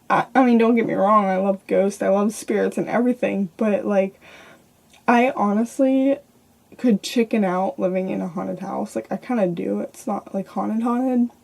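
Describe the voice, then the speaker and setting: A woman's voice: medium pitch, creaky, darkish tone. A young woman vlogger casually telling her own ghost stories, chatty and rambling with lots of fillers. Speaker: paranormal vlogger. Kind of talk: casual storytelling to camera.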